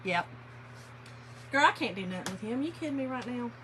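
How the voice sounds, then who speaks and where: Brief: talkative woman, high voice, casual livestream host, workshop sanding noise behind. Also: animated, brisk, fairly bright tone, poor audio. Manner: chatty, laughing storyteller, addresses viewers as y'all. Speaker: furniture painting livestream host. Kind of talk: casual livestream chat to viewers.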